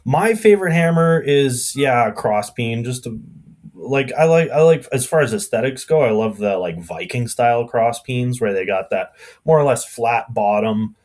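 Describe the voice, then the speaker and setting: A man's voice: medium pitch, animated, normal speed, a little mellow. A man with a Canadian accent, a blacksmith guest chatting casually and rambling with lots of fillers on a podcast. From Alberta, Canada.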